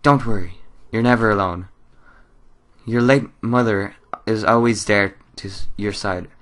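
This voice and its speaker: A man voicing a stern father who is a mad doctor, reading game dialogue in a low, quiet, soothing way. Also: a little slow.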